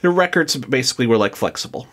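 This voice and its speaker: A man's voice: mid-range voice, lively intonation, fast, a bit bright. Give me a casual, joking male podcast co-host who reads his notes in a loose, rambling way. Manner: jokey, loose, many fillers and restarts. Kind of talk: casual chat, reading notes.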